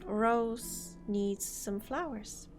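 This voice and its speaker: A woman's voice: on the high side, very slow, music in the background. A woman casually commenting on a game as she plays, giggling and reacting aloud. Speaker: streamer.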